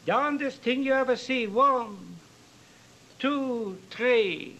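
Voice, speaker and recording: A man's voice: very high-pitched, takes it slowly, fairly bright tone, highs cut off, slight background noise, full character voice. A man playing an elderly New York stage magician with a heavy Yiddish accent, teasing a volunteer through his patter. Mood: teasing showman.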